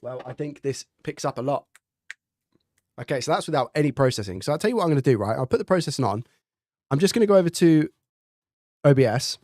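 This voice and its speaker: A man's voice: mid-range voice, expressive, fast talker, pauses often, darkish tone, no room sound. A man hosting a live stream in casual chat, thinking aloud and testing his microphone up close with repeated checks. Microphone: studio dynamic mic, close up.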